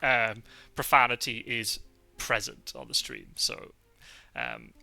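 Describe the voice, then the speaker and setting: Scottish male podcast host, chatty and rambling, gravelly and sharp in tone. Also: fairly low pitch, very animated, takes it slowly, no echo, faint music behind. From Scotland. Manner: chatty, rambling with many fillers and self-corrections. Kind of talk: casual chat.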